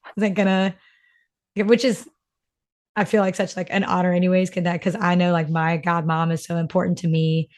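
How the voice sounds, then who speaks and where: A woman's voice: lowish voice, flat delivery, a little fast, a little mellow. A young woman from North Carolina, co-hosting a podcast in casual, emotional chat, full of "like" fillers. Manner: chatty, emotional storyteller, many "like" fillers. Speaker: podcast co-host.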